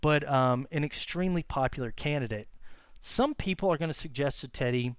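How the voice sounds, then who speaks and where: Smooth-voiced man giving a casual lecture. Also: on the high side, fairly quick, no echo. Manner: casual and conversational, many fillers and self-corrections. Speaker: history teacher. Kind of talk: classroom history lecture.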